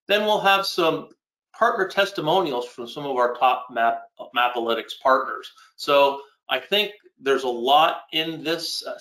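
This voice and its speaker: A man's voice: on the high side, pushed and bright, reverberant, rough recording. A man hosting a partner webinar, speaking with upbeat enthusiasm as he runs through the agenda. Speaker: host. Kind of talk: webinar presenting.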